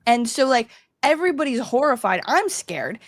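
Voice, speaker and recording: A woman's voice: sits high, sing-song, moderate pace. A woman co-hosting a podcast, telling a story with exasperated laughter. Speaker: podcast co-host.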